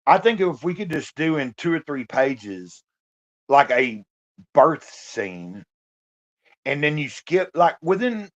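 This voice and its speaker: A man's voice: a little high, very animated, takes it slowly, dull audio. A man vlogging in a casual, rambling monologue, full of fillers and the odd swear word. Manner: meandering, lots of fillers and swearing.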